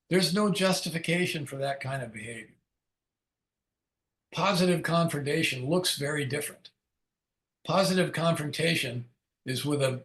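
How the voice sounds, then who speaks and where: A man's voice: on the high side, fairly bright tone. Candid older man, echoey room. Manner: candid storytelling, acts out quoted dialogue. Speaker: AA speaker leading a Big Book study. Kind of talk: personal recovery talk.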